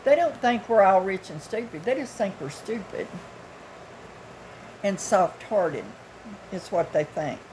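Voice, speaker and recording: A woman's voice: medium pitch, animated, unhurried, long pauses, darkish tone, a little hiss or hum, rough recording. A woman in her sixties from the United States, telling a story in a casual, blunt, folksy way with occasional chuckles. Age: 60s. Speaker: vlogger.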